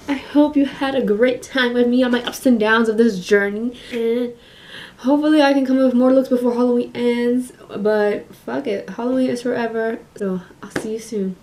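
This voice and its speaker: A woman's voice: on the high side, brisk, darkish tone, a little hiss or hum. A young woman doing a casual makeup vlog in her bedroom, playful and self-mocking, swearing freely. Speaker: makeup vlogger. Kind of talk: casual vlog chat and voiceover. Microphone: camera mic in her room.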